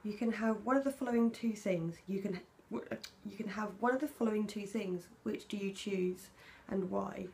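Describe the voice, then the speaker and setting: British woman with a gravelly, creaky voice. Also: mid-range voice, moderate pace, hardly any pauses, slight background noise. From Britain. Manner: chatty, candid, soft-spoken when emotional. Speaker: vlogger. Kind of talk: casual tag video, reading questions aloud.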